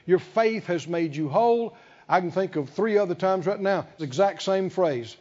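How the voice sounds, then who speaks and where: A man's voice: high voice, big pitch swings, a little mellow. A man preaching a sermon, emphatic and rhetorical, stretching out key words. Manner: emphatic, rhetorical questions, drawn-out stresses. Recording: dull sound with long hall reverb.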